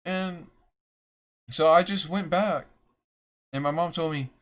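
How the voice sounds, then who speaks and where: A man's voice: fairly high pitch, slow pace, long pauses. Rambling young man telling a storytime. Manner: rambling, self-deprecating, restarts often. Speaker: vlogger. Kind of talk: storytime vlog.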